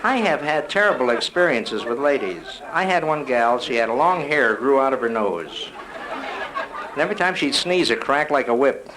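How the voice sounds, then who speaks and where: A man doing live stand-up comedy, rattling off rapid-fire one-liners with punchy delivery. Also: mid-range voice, very animated, very noisy. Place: live nightclub show. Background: music.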